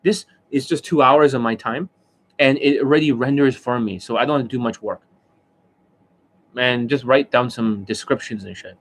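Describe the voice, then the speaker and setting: A middle-aged man talks at an ordinary pitch in a loose, unscripted live-stream rant. He boasts, swears freely and keeps cracking himself up with laughter mid-sentence. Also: normal speed. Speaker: dating coach.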